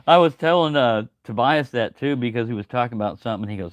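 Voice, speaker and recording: A man's voice: mid-range voice, brisk, dry recording. An older man rambling casually on a livestream, folksy and chatty, greeting viewers by name. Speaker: livestream host. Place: home, early morning.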